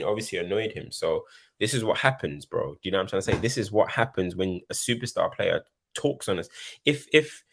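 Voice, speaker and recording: A man's voice: sits low, fairly bright tone. A man co-hosting a casual football chat, laid-back and slangy, pressing his points with asides. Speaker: football pundit co-host.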